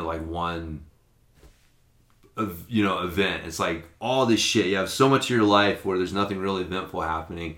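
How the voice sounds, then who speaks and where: Profane, bright-voiced rambling storyteller man. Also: sits low. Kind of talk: casual storytelling chat. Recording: echoey room.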